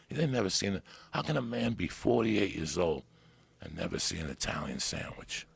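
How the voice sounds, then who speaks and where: Guy with a real low gravelly voice, swearing a lot, animated story on a podcast. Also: moderate pace, no room sound. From New Jersey. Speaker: podcast guest. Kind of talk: casual storytelling.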